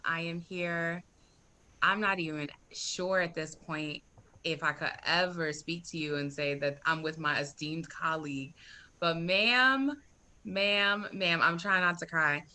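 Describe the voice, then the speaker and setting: An excitable woman hosts a casual podcast chat, gushing over her guest and laughing easily. Her voice sits a little low, with a bright, forceful edge. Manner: effusive, excitable, laughs often. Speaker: podcast host.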